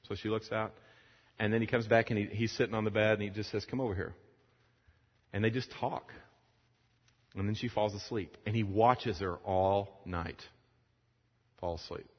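A man preaching a sermon to fellow preachers, retelling a film scene with lively acted-out dialogue before closing in prayer. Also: fairly low pitch, normal speed, long pauses. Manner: animated storytelling, acting out the dialogue. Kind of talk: sermon to pastors. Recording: lo-fi sound in a long-echo hall.

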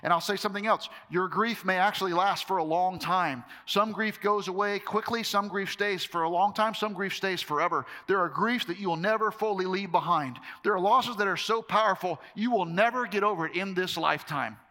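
A middle-aged male pastor preaches in a casual, emphatic way and drives his points home through repetition. His voice is high and bright. It rings out with a long hall reverb. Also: fairly quick, few pauses. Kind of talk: sermon. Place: large hall with a live audience.

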